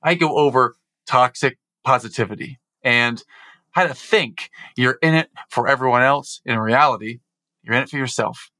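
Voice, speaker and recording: Effusive US podcast host, mid pitch, dry close sound. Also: male voice, moderate pace, bright, forceful tone, dry recording. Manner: upbeat, effusive interviewer. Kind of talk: podcast hosting and ad read.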